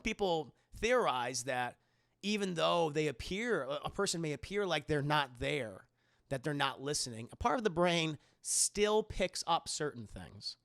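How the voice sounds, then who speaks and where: A man recapping a TV episode on a live stream in a casual, animated, profane way, often addressing his chat. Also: on the high side, vocal fry, no echo, clean studio sound. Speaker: streamer and TV reviewer.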